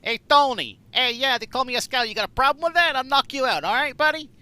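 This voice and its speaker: A man's voice: very high-pitched, quick pace, sharp tone, clear, resonant tone, pitched above the performer's own voice, exaggerated voice. A man putting on a brash young New York tough guy with a cocky, threatening manner and a New York accent. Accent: New York put-on.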